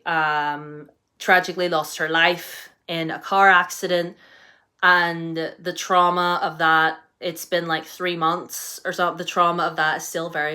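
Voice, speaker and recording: A young woman with a British accent chats through her monthly reading in a relaxed, rambling way, circling back with "um" and "like" as she goes. Her voice sits a little low for a woman. She sounds keen about the books she loved. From United Kingdom. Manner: chatty and rambling, many fillers and restarts, enthusiastic. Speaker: book vlogger. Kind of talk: casual book review chat.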